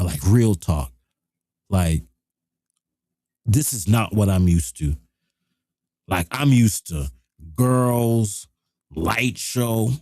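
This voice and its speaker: A middle-aged man, hosting a live show and telling a rough, profane story in casual street slang. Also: fairly low pitch, darkish tone, no echo, clean studio sound.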